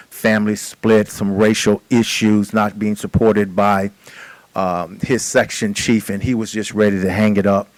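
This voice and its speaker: A man with a low voice tells a conversational chaplaincy story at a forum. His delivery is plainspoken, and the sound is dry and close. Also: no echo, rough recording. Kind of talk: conference presentation storytelling.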